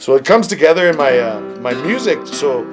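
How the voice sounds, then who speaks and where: A man in his fifties from northern Ontario with a fairly high voice, chatting as a musician guest. He tells stories in a relaxed, easygoing way and swears casually. A faint guitar plays behind him. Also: a little fast. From northern Ontario, Canada. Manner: laid-back storytelling, casual swearing. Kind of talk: casual interview chat.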